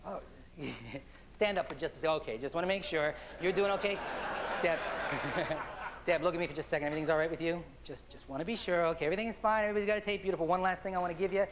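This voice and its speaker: A man performing as a stage hypnotist, moving from upbeat showman banter to slow, soothing hypnotic suggestions on stage. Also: a little high, noisy background. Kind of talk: live hypnosis stage show. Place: stage before a live audience. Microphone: handheld microphone. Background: audience laughter and applause.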